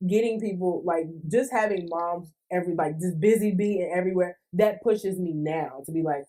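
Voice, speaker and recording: A woman guest on a podcast, talking earnestly and lively, often saying "like". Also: lowish voice, normal speed, few pauses. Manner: earnest, heavy use of "like", lively. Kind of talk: conversational podcast chat. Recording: distant mic, roomy.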